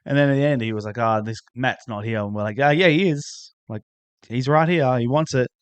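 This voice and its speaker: A man hosting a podcast in casual chat, laid-back and quick to laugh along. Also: medium pitch, clear, resonant tone, dry recording, dull audio. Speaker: podcast host.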